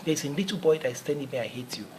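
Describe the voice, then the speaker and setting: A man's voice: a little high, lively intonation, very fast, noisy background. A man giving a motivational talk in an earnest, repetitive, preacherly manner, often restarting his phrases. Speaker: motivational speaker.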